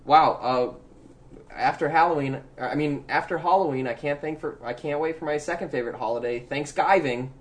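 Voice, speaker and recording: A woman's voice: sits low, fairly quick. A woman co-hosting a podcast in casual chat, playful and teasing, arguing with mock outrage. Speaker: podcast co-host.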